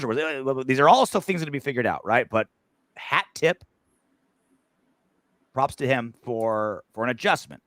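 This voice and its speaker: A man hosting a casual fan sports podcast over a video call, animated, jumping between loud bursts and low mumbles. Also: moderate pace, long pauses, no room sound. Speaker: podcast host.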